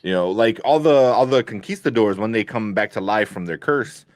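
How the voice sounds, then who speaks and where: A man's voice: lowish voice, normal speed, dry recording. A young man co-hosting a casual movie review chat, rambling with lots of fillers and restarts. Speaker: podcast co-host.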